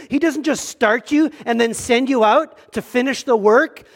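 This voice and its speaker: A man preaching a sermon at a church service. He moves from loud, emphatic scripture reading to quiet, joking asides. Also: extremely high pitch. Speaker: pastor.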